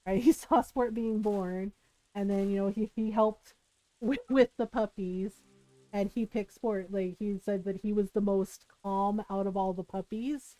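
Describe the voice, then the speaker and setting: A woman's voice: medium pitch, steady tone, a little slow, dark tone, no room sound, low-quality recording. A middle-aged woman streaming live, telling a family story in a chatty, rambling way full of fillers and laughter. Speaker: livestreamer. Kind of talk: casual storytelling while streaming.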